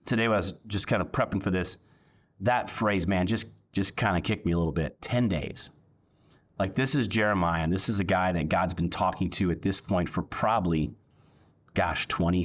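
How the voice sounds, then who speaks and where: Relaxed joking male pastor, lowish voice. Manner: casual, joking, conversational preaching. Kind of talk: sermon.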